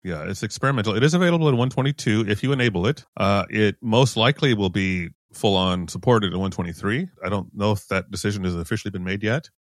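A man's voice: fairly low pitch, fast talker, few pauses, dry recording, studio quality. A man co-hosting a casual tech podcast, easygoing and self-deprecating, stumbling over words now and then. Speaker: podcast co-host.

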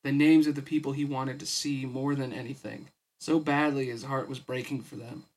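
A man's voice: mid-range voice, little pitch movement, moderate pace, darkish tone. A tired man reading a novel aloud for his podcast, with casual, weary asides. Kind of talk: audiobook-style story reading.

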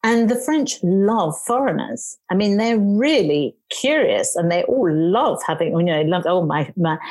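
A woman with an English accent in casual conversation, telling her experience in an emphatic, animated way. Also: mid-range voice, a little slow. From England.

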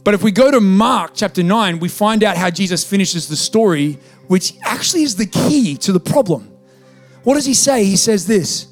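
High-voiced conversational male preacher. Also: animated, normal speed, soft background music. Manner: conversational preaching, building to emphatic peaks. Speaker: pastor. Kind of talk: sermon. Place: church.

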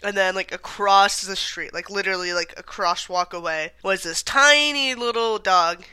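A woman's voice: medium pitch, moderate pace, bright, forceful tone, smooth. A woman co-hosting a casual chat, telling stories with lots of fillers. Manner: chatty storytelling, frequent fillers and laughs.

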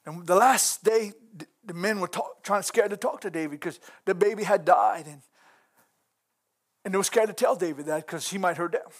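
High-voiced, fervent male preacher. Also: normal speed. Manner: impassioned, fervent exclamations, rising to shouts. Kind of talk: sermon.

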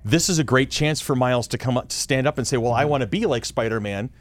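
A man in his forties hosting a podcast, telling a story in a lively way and acting out the people in it. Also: medium pitch, fast talker. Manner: animated storyteller, acts out voices. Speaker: podcast host. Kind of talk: casual podcast chat.

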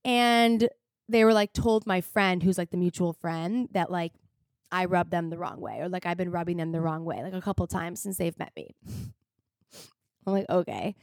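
Speaking at normal speed in a lowish voice, this young female podcast host delivers a casual confessional monologue about her own life. It rambles with many fillers and turns emotional, at times tearful, with clean studio sound and no room ambience.

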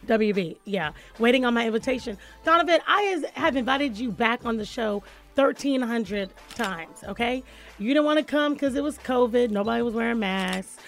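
A woman's voice: a little high, animated, moderate pace, faint music behind. A woman hosting a radio talk show in a studio, chatting in a playful, teasing way. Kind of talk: casual radio chat.

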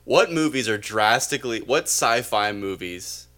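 Joking man with a lively voice. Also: medium pitch, unhurried. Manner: joking, laughs often, trails off mid-thought. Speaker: podcast co-host. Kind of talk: casual chat.

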